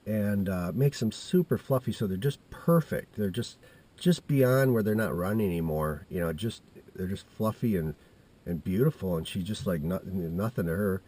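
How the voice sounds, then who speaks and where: Fifty-something guy telling a story, low husky mellow voice, keeps restarting and going off on tangents. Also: animated, moderate pace. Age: 50s. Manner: meandering, with many restarts and asides. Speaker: vlogger telling a personal story. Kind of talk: casual rambling storytelling.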